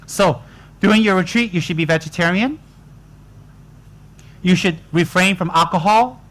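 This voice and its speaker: A man's voice: high-pitched, normal speed, a bit bright. A man giving a joking, colloquial dharma talk to retreat students. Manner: joking, teasing, colloquial asides. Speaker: Buddhist teacher.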